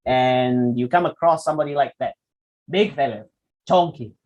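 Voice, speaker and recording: A man's voice: mid-range voice, normal speed, dull audio. A young man giving a public speaking lesson, acting out example sentences with exaggerated intonation. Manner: animated, acts out example lines with exaggerated intonation. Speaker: public speaking workshop presenter. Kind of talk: lecture to students.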